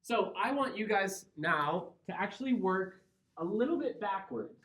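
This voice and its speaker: A man's voice: high-pitched, animated, a little slow, a bit bright. Midwestern man lecturing in a roomy classroom. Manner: explains step by step, checks in with students. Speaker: chemistry teacher. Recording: roomy, dull lo-fi classroom recording.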